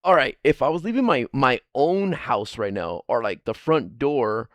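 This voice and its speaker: A man's voice: medium pitch, animated, moderate pace, no echo. A man streaming a casual chat, rambling and swearing freely, laughing often.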